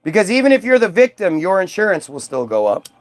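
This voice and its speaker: High-voiced man ranting with profanity. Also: sing-song, quick pace. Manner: profane, sarcastic, mocking. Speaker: vlogger. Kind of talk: ranting monologue.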